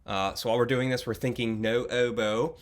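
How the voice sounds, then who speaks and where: A young man teaching a beginner oboe lesson, patient and encouraging, often pausing with fillers and restarting his sentences. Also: medium pitch, level tone. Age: young adult. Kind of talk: instructional video lesson.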